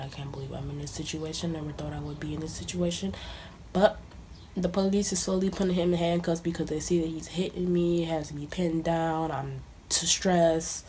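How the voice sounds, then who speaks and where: A young woman recounts a personal story in a relaxed, conversational vlog style, now and then sinking into a near-whisper. Her voice is mellow and sits a little low, with a faint hiss under the recording. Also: moderate pace. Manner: casual, conversational, drops to near-whispers at times. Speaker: vlogger. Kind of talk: storytime monologue.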